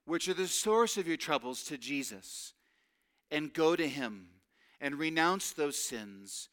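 A man's voice: fairly high pitch, lively intonation, measured pace, fairly bright tone. A man preaching a sermon, earnest and emphatic, drawing out key phrases.

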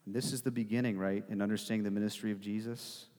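A man's voice: lowish voice, fairly even intonation, fast, darkish tone. A man preaching a sermon as pastor, emphatic and rhetorical, often tagging his points with "right?". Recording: long hall reverb.

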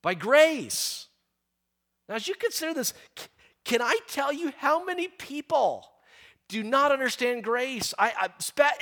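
A middle-aged man preaching a sermon, stressing key phrases slowly and often repeating words as he talks. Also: very high voice, a bit bright.

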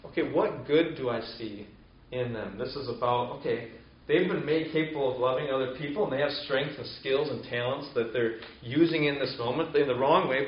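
A man gives an earnest, conversational sermon at an even middle pitch, running through long spoken lists. The sound is roomy with a strong echo, and the recording is a little dull and muffled. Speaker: pastor. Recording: echoey, slightly dull room recording.

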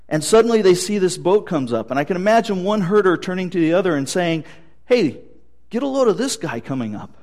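Male pastor, fairly high voice, storytelling sermon with light jokes. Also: a little mellow.

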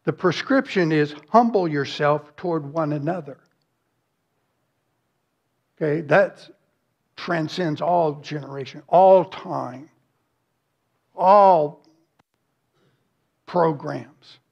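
A man's voice: on the high side, takes it slowly, creaky, pauses often, darkish tone, dull audio. A man preaching a sermon as pastor, earnest and emphatic, with rhetorical questions and lists.

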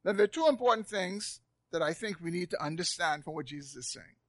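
A high-pitched man preaches a sermon to his congregation, dropping to near-whispers and then rising loud again. He repeats phrases for emphasis. The recording is close and dry. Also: animated, fast, no echo. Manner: preaching with strong swings in loudness, repeating words for emphasis. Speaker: pastor. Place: church sanctuary, live congregation.

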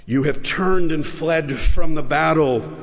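A man voicing a severe divine judge who rebukes cowards in a slow, loud, accusing proclamation. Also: a little high, big-room sound.

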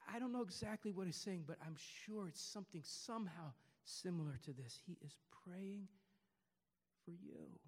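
A man preaching a sermon to his congregation, rising to loud emphatic peaks and dropping to quiet, hushed passages. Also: sits high, animated, moderate pace, slightly rough, big-room sound. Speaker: pastor. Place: church service before a congregation.

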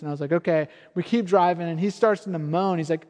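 A man's voice: fairly high pitch, fairly even intonation, fast talker, hardly any pauses, darkish tone. A man, a pastor, giving a sermon with earnest, conversational storytelling. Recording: long hall reverb.

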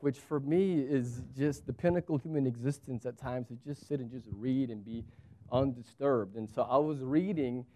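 Preaching a sermon, this man in his thirties is a pastor whose lively storytelling moves through big pitch changes.

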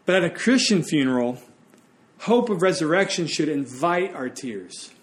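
Man, pastor, sermon, earnest, slightly high voice. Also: expressive, normal speed.

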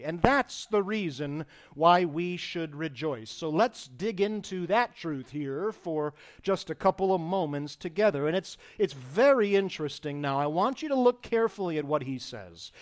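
A male pastor delivers an expository sermon from the pulpit. His voice sits a little high and swings widely, from loud, pressing emphasis down to near-whispered tenderness.

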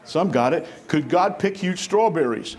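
A man preaching a sermon to a congregation, lively and conversational, acting out the voices of people he quotes. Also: a little high, normal speed. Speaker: pastor.

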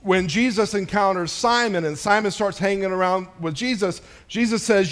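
Middle-aged male pastor, slightly high voice, chatty and playful from the pulpit. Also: moderate pace, few pauses, fairly bright tone. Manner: conversational and joking, addressing a congregation. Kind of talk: sermon.

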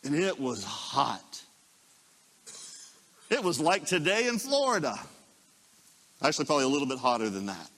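A man preaching a sermon as a pastor, telling the story dramatically and dropping into hushed asides. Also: mid-range voice, wildly swooping pitch, moderate pace, long pauses, in a large hall.

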